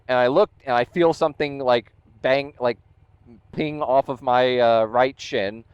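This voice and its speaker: A man's voice: medium pitch, a little slow, smooth, dry recording, highs cut off. A man vlogging about his motorcycle, retelling events with exasperation and quoted dialogue. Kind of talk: casual storytelling vlog.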